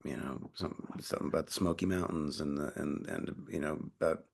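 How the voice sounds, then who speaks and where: A man's voice: extremely low pitch, steady tone, a little fast, vocal fry, darkish tone. A young adult man, an actor being interviewed, talking casually in a rambling way with lots of fillers and restarts, and swearing freely.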